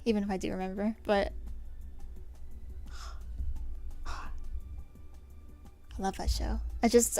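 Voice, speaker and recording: A young woman livestreaming from her desk at home, chatting casually with her viewers, giggling often and sometimes dropping to a soft whisper. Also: medium pitch. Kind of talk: casual chat answering a live chat. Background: faint stream music.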